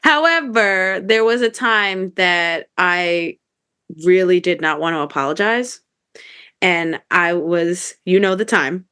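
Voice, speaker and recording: A woman's voice: on the low side, expressive, slow, pushed and bright, clear, resonant tone. A woman co-hosting a podcast in casual chat, telling stories candidly and animatedly, with some swearing. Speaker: podcast co-host.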